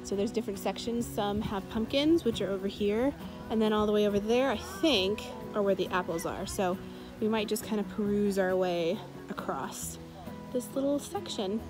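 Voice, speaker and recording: A woman's voice: mid-range voice, normal speed, music in the background. A woman vlogging casually outdoors in an orchard, bubbly and giggly as she chats. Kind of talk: casual vlog chat.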